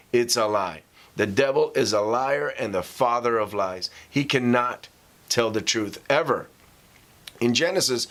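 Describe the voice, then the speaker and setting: A man preaching a casual vlog sermon as a pastor. He talks conversationally with fillers and reads scripture slowly for emphasis. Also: medium pitch, fairly bright tone.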